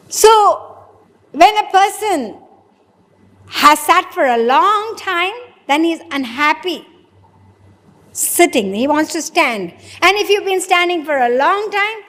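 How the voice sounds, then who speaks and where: Lady spiritual teacher, high voice, lots of hall reverb, asks the crowd questions. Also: fairly bright tone. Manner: questioning, explanatory, acts out dialogue. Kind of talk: religious discourse.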